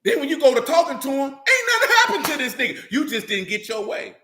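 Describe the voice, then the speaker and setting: A man with a very high, sing-song voice talks fast, his tone bright and forceful. He speaks for a religious group in a blunt, casual, unscripted way, swearing heavily and repeatedly asking "you know what I'm saying," all in a roomy echo.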